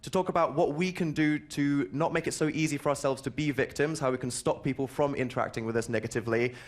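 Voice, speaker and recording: Young man, radio host, studio, chatty, laughing often, ordinary pitch. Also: fairly even intonation, quick pace. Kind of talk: radio show presenting.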